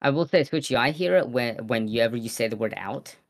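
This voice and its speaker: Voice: mid-range voice, lively intonation, a little fast. Playful, teasing podcast guest. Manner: teasing, playful, coaching someone through a word. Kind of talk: casual podcast chat.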